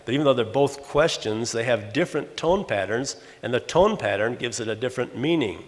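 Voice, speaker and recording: A man's voice: mid-range voice, lively intonation. Older guy lecturing, stops and restarts a lot, echoey hall. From Los Angeles, USA. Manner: halting, many restarts, teacherly examples. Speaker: retired English teacher giving a talk. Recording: long hall reverb.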